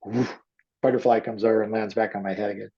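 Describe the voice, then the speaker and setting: A man's voice: on the low side, steady tone, quick pace, mellow, husky, muffled recording. A man telling a personal story in casual conversation, rambling with many fillers and acting out the voices of the people in it. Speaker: guest artist.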